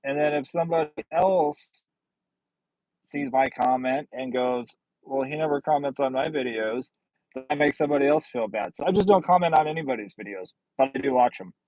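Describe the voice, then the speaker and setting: A man's voice: fairly high pitch, brisk, a little mellow, no room sound, highs cut off. A man hosting a casual livestream, chatting with viewers in a blunt, sardonic, rambling way. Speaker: livestream host. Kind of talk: casual livestream chat reading comments.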